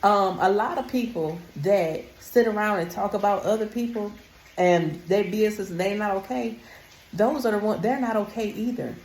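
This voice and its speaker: A woman's voice: mid-range voice, normal speed, a little mellow, echoey room, slight background noise. A woman vlogger talking casually and emphatically to her viewers, calling them honey. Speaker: wellness vlogger. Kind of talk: casual talk to camera.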